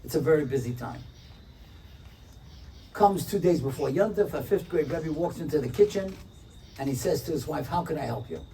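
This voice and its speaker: A man tells a story in an inspirational talk, switching into the voices of each character as he goes. His voice is mellow and sits slightly high for a man. He is picked up from a distance, with a faint room hum behind. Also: moderate pace, long pauses. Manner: animated, acts out the characters' lines. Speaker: rabbi, speaker.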